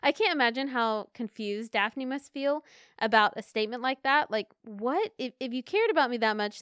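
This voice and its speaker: A young woman co-hosting a podcast, chatting in an animated, opinionated way and slipping into rants. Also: a little high, moderate pace, clear, resonant tone, no room sound, studio quality. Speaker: podcast co-host. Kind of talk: casual chat about a period drama.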